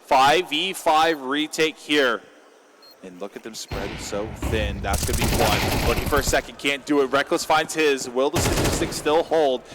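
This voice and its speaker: A man casting a live esports match, joking around and getting excited on big plays. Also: medium pitch, normal speed, few pauses, slight background noise. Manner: jokey, rises to excited calls on big plays. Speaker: esports caster. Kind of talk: live play-by-play commentary. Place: live event venue with crowd.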